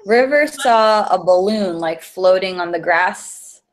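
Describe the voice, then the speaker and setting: A woman's voice: medium pitch, expressive, slow. A woman co-hosting a podcast, welcoming a guest and chatting in a rambling way. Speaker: podcast co-host. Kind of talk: casual chat.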